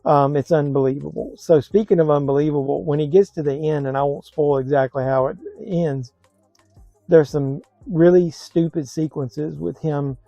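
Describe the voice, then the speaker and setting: A man's voice: a little high, steady tone, normal speed, vocal fry, mellow, dry recording, soft background music, rough recording. A man giving a blunt, scathing movie review in a casual vlog, sounding exasperated.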